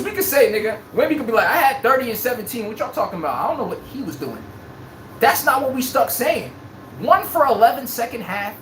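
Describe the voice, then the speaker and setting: A man's voice: sits high, a bit bright, reverberant, slight background noise. A man hosting a live sports fan stream, trash-talking rival fans, reading out chat comments and laughing often. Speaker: sports livestream host.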